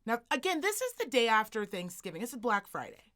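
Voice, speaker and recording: A woman co-hosting a podcast, telling a story as a profane, animated rant and acting out the people in it. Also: a little high, moderate pace. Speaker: podcast co-host.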